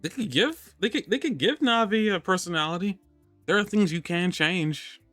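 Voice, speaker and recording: A man's voice: high voice, animated, normal speed, a bit bright, no echo, soft background music. A man hosting a live podcast, chatting casually and rambling, restarting his sentences and laughing often. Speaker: podcast host. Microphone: studio microphone on a live stream.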